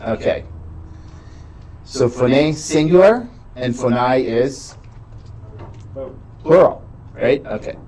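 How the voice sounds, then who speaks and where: A man's voice: mid-range voice, expressive, slow, long pauses, darkish tone, rough recording. A man teaching a beginning Greek class, explaining patiently and checking in with "right?" often. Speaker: Greek instructor. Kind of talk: classroom lecture.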